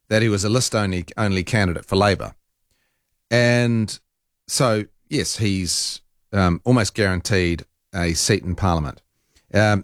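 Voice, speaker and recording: A man hosting talk radio, chatting casually in an animated, exasperated way with frequent ums and restarts. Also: on the low side, no echo, clean studio sound.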